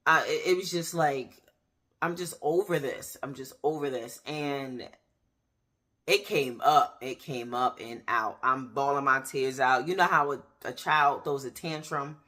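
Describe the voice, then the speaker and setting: A woman in her thirties giving a candid personal faith testimony, talking straight to her viewers with pauses and restarts. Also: extremely low pitch, bright, forceful tone. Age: 30s. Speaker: faith vlogger. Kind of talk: personal faith testimony, casual talk to camera.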